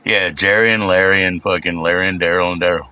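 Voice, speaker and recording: Male streamer: low, bright and forceful voice; rambling, bickering with chat. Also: steady tone, fast, muffled recording. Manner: rambling, talks back to chat, trails into mumbles. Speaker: live streamer.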